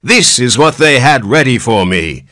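A man voicing a cranky, ancient old man newly born as a baby, with a cracked, whining voice that turns shrill. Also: big pitch swings, measured pace, bright, forceful tone, no room sound, studio quality. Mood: peevish. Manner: querulous whine, rising to shrill protest.

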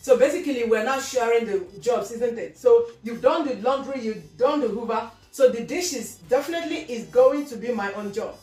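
A woman's voice: on the high side, normal speed, hardly any pauses, darkish tone, echoey room, distant mic, soft background music, rough recording. A woman with a Nigerian accent acting in a comedy sketch, scolding in a sarcastic way. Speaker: comedy sketch performer playing older sister.

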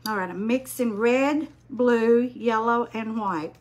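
An older woman, chatting slowly on a craft livestream, greeting viewers by name while she paints. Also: a little high. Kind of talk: casual live-stream chat while painting.

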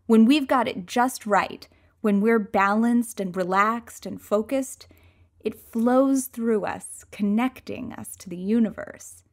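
A woman reading a first-person audiobook, expressive and moving between hushed and excited passages. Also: mid-range voice. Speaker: audiobook reader.

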